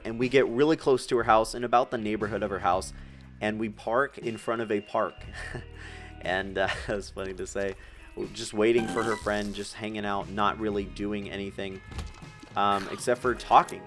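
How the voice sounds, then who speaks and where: A young man of eighteen talks through a personal story in a loose, rambling way, his voice sitting a little low. He gets emotional and close to tears at points, with faint music playing underneath. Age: young adult. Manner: rambling, emotional, tearing up with nervous laughs. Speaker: streamer telling a personal story. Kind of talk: casual storytelling while gaming.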